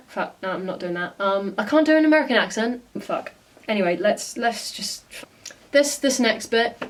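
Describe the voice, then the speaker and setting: A woman's voice: medium pitch, expressive, moderate pace, distant mic. A woman vlogger giving casual reaction commentary, blunt and exasperated, often swearing.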